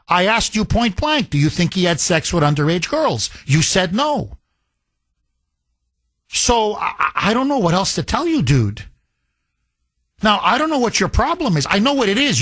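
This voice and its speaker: A man's voice: high voice, a bit bright, no room sound. A man hosting a talk radio show, delivering a heated, scornful monologue with emphatic repetition into a studio microphone.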